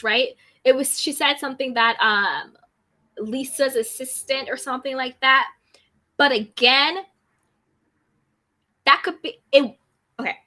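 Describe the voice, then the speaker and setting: Reading the live chat on her YouTube recap stream, a female host voices viewer comments out loud and answers them in a casual way. Her voice is high and sharp in tone.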